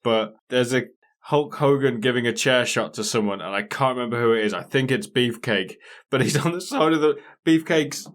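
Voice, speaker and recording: A man's voice: mid-range voice, moderate pace. A man, co-hosting a podcast in casual chat, joking and laughing often with a loose, swearing manner. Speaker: podcast co-host. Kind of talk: casual chat watching wrestling.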